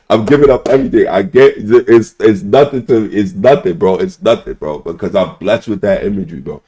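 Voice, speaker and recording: A man's voice: lowish voice, a little fast, few pauses, dark tone, a little hiss or hum. A young man ranting casually to his stream chat, rambling, swearing and repeating "bro" and "son" constantly.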